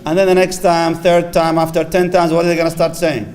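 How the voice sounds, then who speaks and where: A middle-aged man giving a lively religious lecture on marriage, acting out short dialogues and mixing in Arabic phrases. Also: a little high, brisk. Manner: animated, acts out little dialogues, Arabic phrases mixed in. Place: lecture hall with audience.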